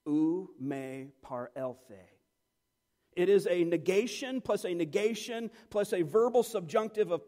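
A man with a high voice delivers a sermon from the pulpit. He teaches with emphasis and stacks phrase on phrase as his passion builds. His voice rings with a long reverb in a church sanctuary. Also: darkish tone. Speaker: pastor.

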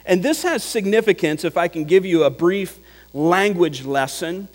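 A man's voice: sits high, expressive, moderate pace, faint music behind. A man preaching a sermon, teaching in an explanatory way, with examples and repetition for emphasis. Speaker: pastor. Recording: hall reverb with mains hum.

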